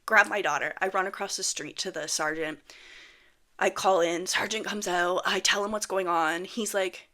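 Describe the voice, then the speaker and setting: A woman's voice: on the low side, fairly even intonation, normal speed, sharp tone. A woman in her thirties talking to camera about manifestation, chatty and blunt, swearing freely as she tells a story. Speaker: manifestation vlogger. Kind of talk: casual talk to camera.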